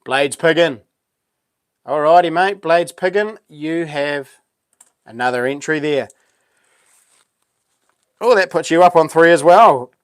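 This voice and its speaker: A relaxed man with a New Zealand accent chats his way through a live stream, meandering and dotting his talk with ums. His voice sits a little high for a man. The sound is close and dry, with no room around it. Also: slow, pauses often, clean tone, dry recording. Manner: laid-back, rambling, lots of ums. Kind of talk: casual live stream chat.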